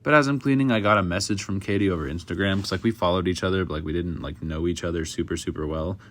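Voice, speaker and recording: A man's voice: low-pitched, quick pace, a bit bright. A young man telling a personal story in a casual, rambling way, full of fillers. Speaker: YouTuber.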